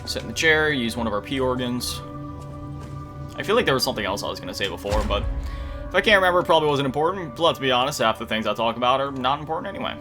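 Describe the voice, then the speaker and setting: A tired gaming YouTuber yawns through a casual let's-play, chatting and laughing often in a self-deprecating way. His mid-range voice is animated and he talks fast, with game music in the background.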